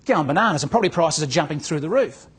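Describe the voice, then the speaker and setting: A man's voice: a little high, expressive, fast talker, breathy edge. A man giving a motivational talk to real estate agents as a business coach, telling a story and acting out its dialogue. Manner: storytelling, acts out dialogue, repeats words.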